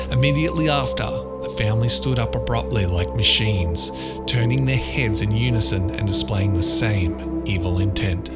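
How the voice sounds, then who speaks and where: Male narrator, deep-ish voice, measured and dramatic audiobook reading, loud guitar music under him. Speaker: author and narrator. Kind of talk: audiobook narration of a dark thriller.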